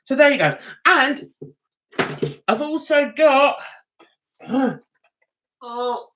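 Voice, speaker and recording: A woman's voice: high voice, extremely slow, a bit bright. A woman hosting a casual livestream, chatting to her viewers in a rambling, giggly way.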